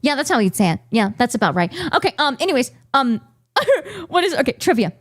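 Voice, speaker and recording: A woman's voice: sits high, very animated, fairly quick. A woman streamer chatting live to her viewers, giggly and incredulous, breaking into exclamations. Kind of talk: casual live-stream chat.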